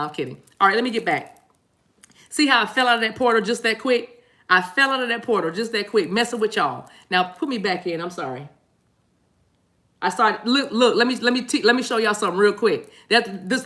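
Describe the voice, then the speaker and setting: A woman giving a spiritual tarot talk to her viewers in a preacher-like way, playful and repeating phrases for emphasis. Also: medium pitch. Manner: animated, preacher-like delivery.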